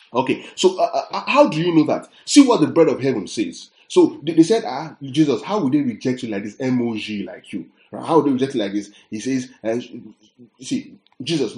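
A man preaching a sermon, reading scripture slowly and checking in with his listeners through rhetorical questions. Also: mid-range voice, warm tone, reverberant. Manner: reads scripture aloud slowly.

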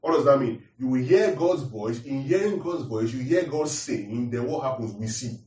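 A man's voice: medium pitch, animated, normal speed, darkish tone. A man preaching a teaching sermon, repeating his points and asking the congregation questions. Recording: roomy echo, distant mic.

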